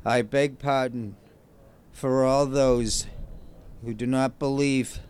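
A man reciting a prayer in a slow, solemn, deliberate way. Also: mid-range voice, fairly even intonation, a little mellow, clean tone.

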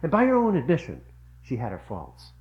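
A man's voice: medium pitch, huge pitch swings, a little fast, muffled recording. A middle-aged man giving an earnest devotional talk, telling stories and repeating phrases for emphasis. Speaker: religious speaker.

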